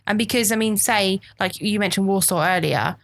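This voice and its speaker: A woman's voice: medium pitch, moderate pace, gravelly. A woman co-hosting a podcast, chiming in with thoughtful explanations in casual chat. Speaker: podcast co-host.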